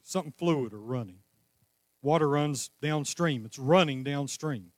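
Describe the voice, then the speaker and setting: Male pastor, high-pitched, fervent sermon delivery, dry close mic. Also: unhurried, dry recording. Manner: impassioned preaching, rising to cries then dropping to a calm teaching tone.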